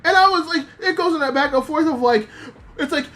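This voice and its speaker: A woman's voice: high voice, a little fast. A woman streaming as a VTuber, chatting casually about anime with lots of swearing and fillers, reading chat messages aloud. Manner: animated, profane, rambling with many fillers.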